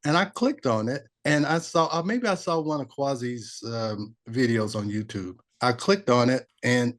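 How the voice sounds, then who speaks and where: A man's voice: mid-range voice, normal speed, fairly bright tone. A man in his sixties, an interview guest telling his personal story in a rambling, heartfelt way, restarting sentences often. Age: 60s. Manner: rambling, restarts often, laughs, gets choked up. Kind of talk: emotional personal testimony.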